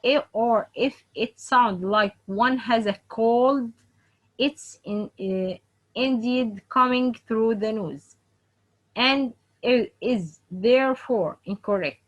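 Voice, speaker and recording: Slow-spoken woman teaching recitation. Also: on the high side, highs cut off. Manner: halting, with many fillers and restarts; slowly models example words again and again. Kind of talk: online tajweed lesson.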